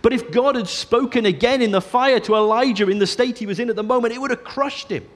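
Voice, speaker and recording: A man preaching a sermon, earnest, often dropping to a soft hush on key phrases. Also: very high-pitched, quick pace.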